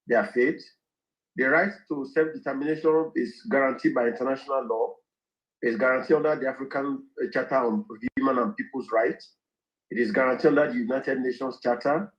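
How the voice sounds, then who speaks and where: A man making a formal argument in a played clip, laying out his points in measured lists. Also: mid-range voice. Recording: dull lo-fi clip.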